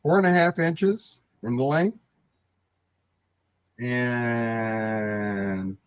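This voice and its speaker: A man co-hosting a live online sale, his pitch rising and falling a lot as he points out the details of each piece. The sound is dull and lo-fi, and very dry with no room around it. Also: normal speed, no room sound. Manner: lively pitch, describing items appreciatively. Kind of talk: live online sales auction.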